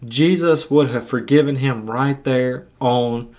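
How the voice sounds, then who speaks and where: A man's voice: medium pitch, fairly even intonation, a little slow, hardly any pauses. A male preacher retelling scripture in a sermon, speaking conversationally and often repeating words as he goes.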